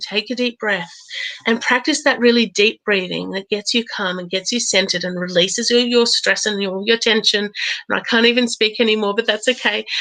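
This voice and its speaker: A woman in her thirties hosting a live oracle card reading, chatty and bubbly, laughing often and slowing into a gentle coaching tone. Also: mid-range voice, low-quality recording. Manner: slows into gentle, coaching tone for affirmations. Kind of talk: live-stream chat with viewers.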